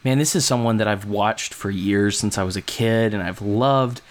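A man co-hosting a podcast, telling a long story in a rambling, animated way and acting out what people said. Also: fairly low pitch, moderate pace. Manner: rambling, animated, acts out quotes. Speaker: podcast co-host. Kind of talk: casual storytelling chat.

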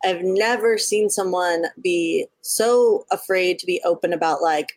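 A woman co-hosting a podcast in casual chat, effusive and quick to laugh, swearing freely. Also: lowish voice, a little mellow, no echo. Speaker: podcast co-host.

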